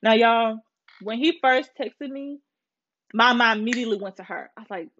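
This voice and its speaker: A woman's voice: a little high, moderate pace, a little hiss or hum. A woman in her twenties hosting a podcast, telling a story in a casual, profanity-filled rant to her listeners. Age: 20s. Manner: profane, animated venting to listeners. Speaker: podcast host. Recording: slightly muffled with faint music.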